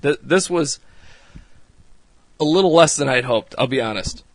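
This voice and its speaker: A man's voice: medium pitch, expressive, a little slow, dry recording. A man hosting a podcast, casually recapping a reality show in a rambling way, laughing often and swearing freely. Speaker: podcast host.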